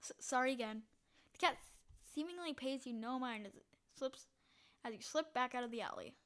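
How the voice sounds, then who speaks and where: A woman playing a text adventure, reading the story aloud in a hushed voice and breaking into loud, excited reactions. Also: high-pitched, brisk. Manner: reads narration quietly, bursts into loud excited reactions. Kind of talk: casual let's-play narration.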